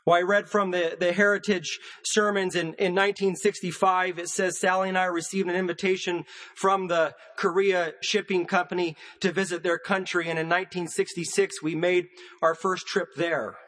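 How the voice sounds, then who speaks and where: A man preaching a sermon in a measured cadence, building his points through emphatic repetition. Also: high voice, little pitch movement, a bit bright, big-room sound.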